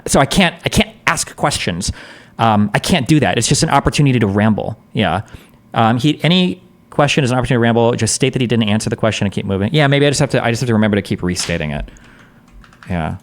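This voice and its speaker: A man's voice: mid-range voice, animated, fast talker. Blunt, profane male streamer. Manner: blunt, profane, rambling thinking aloud. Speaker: streamer reacting to a debate. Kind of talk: casual live-stream commentary.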